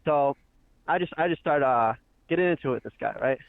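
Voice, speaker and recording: A caller to a talk show tells a story casually in a slightly high, creaky voice, speaking briskly. Animated, he acts out the shouted quotes of people he argued with. The tinny phone line sounds dry, with no room sound.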